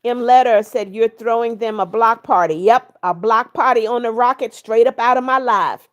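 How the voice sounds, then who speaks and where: Woman on a live stream reading chat out loud, kinda high voice, strict and blunt with people. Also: moderate pace, highs cut off. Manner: firm and strict with viewers, blunt. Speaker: livestream host. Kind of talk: casual livestream chat, reading viewer comments aloud.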